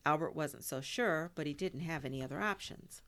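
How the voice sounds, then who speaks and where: A woman reading a children's storybook aloud, expressive and dropping in Spanish words. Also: low-pitched, moderate pace.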